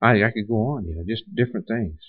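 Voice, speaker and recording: Male pastor, low voice, dry and slightly muffled sound, conversational preaching style. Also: fast talker, slightly rough, no echo. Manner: conversational preaching with repeated restarts and rhetorical questions. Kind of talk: sermon.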